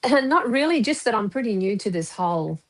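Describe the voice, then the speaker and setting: A woman's voice: a little high, very animated, fairly quick. A woman from Australia with an Australian accent, calling in to a live show and chatting casually. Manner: friendly, chatty with small restarts. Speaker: caller. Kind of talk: casual call-in chat.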